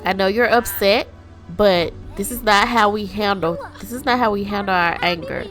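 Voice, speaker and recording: A woman voicing a calm, firm game mom. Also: mid-range voice, normal speed, over music, lightly acted. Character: calm patient mother explaining a family secret.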